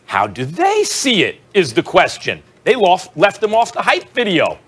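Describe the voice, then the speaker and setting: High, lively sports debate panelist. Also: male voice, measured pace, hardly any pauses, slightly rough. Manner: animated, rhetorical questions, acts out quotes.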